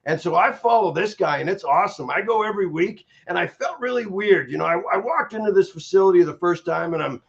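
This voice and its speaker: A man's voice: high-pitched, fast, creaky, hardly any pauses. A middle-aged man giving an emphatic personal testimony as an interviewee, with many restarts and repeated words. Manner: energetic, repetitive restarts, emphatic. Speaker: interviewee, stroke survivor. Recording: dull lo-fi recording.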